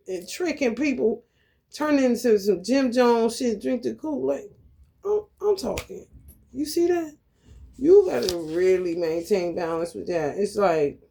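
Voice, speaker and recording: A woman's voice: a little high, mellow. A woman hosting a spiritual channel, talking in a blunt, profane, streetwise way as she reads scripture aloud and riffs on it in a casual monologue.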